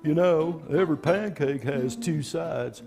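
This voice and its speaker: A goofy impressionist hops from one famous voice to the next, as a man puts them on for a sketch. His voice sits high. A long reverb tail and loud music run behind. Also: measured pace, vocal fry. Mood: mock-serious. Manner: showy, switches voices, goofy. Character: impressionist cycling through celebrity voices.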